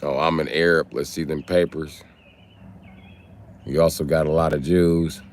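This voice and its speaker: A man's voice: very deep voice, flat delivery, a little slow, slight background noise. A man ranting on a casual livestream, profane and confrontational, heckling his viewers.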